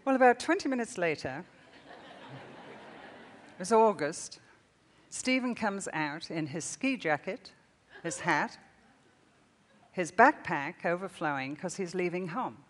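An older woman giving a sermon, telling stories with warmth and laughter. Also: on the low side, animated, measured pace, long pauses, a little hiss or hum. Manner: storytelling with laughter. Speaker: speaker. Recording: long reverb of a hall.

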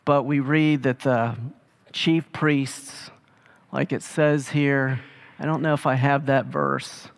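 A man preaching a sermon in a relaxed, conversational way, retelling scripture in everyday speech. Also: mid-range voice, takes it slowly, creaky. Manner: casual storytelling, paraphrasing scripture in everyday speech. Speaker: pastor.

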